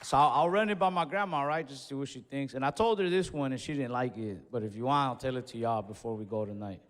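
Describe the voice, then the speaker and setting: A young man doing stand-up comedy, telling a story in casual slangy talk and breaking into loud acted-out yells. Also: mid-range voice, quick pace, some chatter behind. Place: comedy stage in a large venue. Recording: live show in a reverberant hall with audience.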